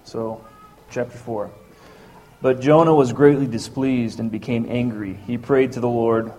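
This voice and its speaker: A man's voice: medium pitch, steady tone, measured pace, darkish tone. A man reading a Bible passage aloud during a church service, matter-of-fact and plain. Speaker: scripture reader.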